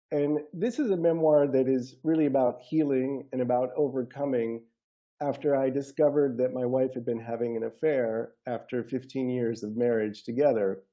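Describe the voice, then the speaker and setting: A man author introducing his memoir on a video call, earnest and measured. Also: mid-range voice, warm tone. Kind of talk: reading and discussing his memoir.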